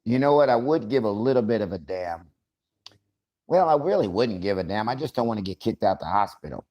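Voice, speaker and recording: A man's voice: on the low side, expressive, fairly quick, highs cut off. A man hosting a casual livestream, talking loosely and profanely, joking, and greeting viewers by name. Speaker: livestream host.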